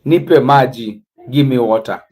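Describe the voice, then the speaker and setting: A man with an East African accent hosting a casual livestream, teaching words slowly and spelling them out letter by letter. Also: medium pitch, a little mellow, breathy edge, low-quality recording. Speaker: livestream host.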